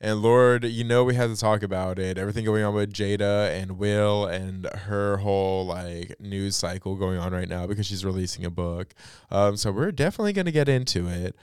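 A man's voice: fairly low pitch, normal speed, a little mellow, smooth, dry recording, clean studio sound. A young man hosting a casual pop culture podcast alone, chatty and blunt, with lots of fillers and some swearing. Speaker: podcast and radio host.

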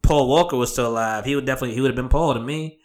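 A young man co-hosts a podcast, trading loose, profane banter and laughing throughout the casual chat. His mid-range voice races along.

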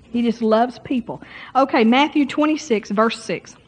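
A woman with a slightly high voice preaches at a normal speed, addressing her congregation directly in a folksy, chatty manner. The sermon recording is dull and lo-fi.

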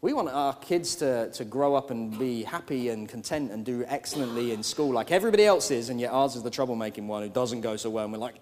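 A male pastor preaching a sermon, swinging from hushed, slow lines to loud, animated outbursts. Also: medium pitch. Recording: long hall reverb.

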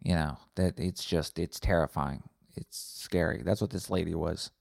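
A man's voice: sits low, moderate pace, vocal fry, dry recording. A man hosting a podcast, ranting with sarcasm, swearing often and rambling. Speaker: podcast host. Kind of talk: comedic profane rant.

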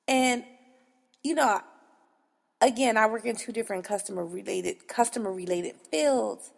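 A woman's voice: mid-range voice, expressive, normal speed, vocal fry, in a large hall. A woman hosting a casual monologue in a blunt, frank, exasperated way, with profanity. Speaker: podcast host.

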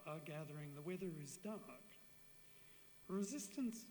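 An older woman giving a farewell university lecture in an earnest, measured way, with frequent restarts. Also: on the low side, darkish tone. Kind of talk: public lecture. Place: lecture hall. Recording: reverberant hall with faint background noise.

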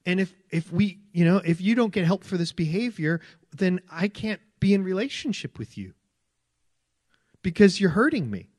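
A man's voice: sits high, sing-song, moderate pace, darkish tone, no echo. A man preaching a sermon in an earnest, conversational way, often repeating his phrases. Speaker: pastor.

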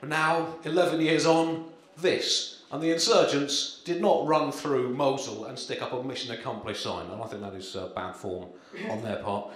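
A man doing a stand-up comedy set with a dry, halting delivery full of ums and uhs, performed live. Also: medium pitch, fairly bright tone. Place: live comedy venue, in front of an audience. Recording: echoey live room with crowd.

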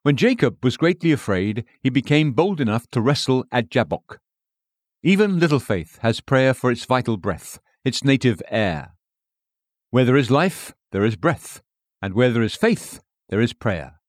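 A man reading an old sermon aloud in a measured, solemn way. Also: mid-range voice, sing-song, no room sound, studio quality. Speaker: preacher.

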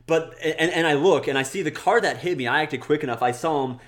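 Casual man telling a wild story. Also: fairly quick. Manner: animated, acts out quoted people in a high voice. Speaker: podcast co-host.

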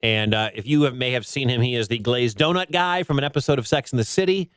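A man's voice: mid-range voice, fast talker, fairly bright tone, clear, resonant tone, dry recording. A man hosting a radio sports show, introducing his guest in a chatty, joking way.

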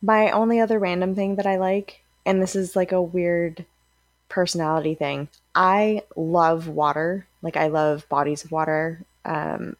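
A woman from California with a low voice rambles easily through casual podcast chat. The sound is dry and close, with no room around it. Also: no echo. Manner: rambling, easygoing. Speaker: podcast co-host.

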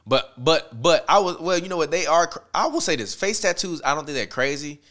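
Bright-voiced man in blunt banter. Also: on the high side, brisk. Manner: blunt, animated, argues with slang and swearing. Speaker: podcast co-host. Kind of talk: casual sports and culture chat.

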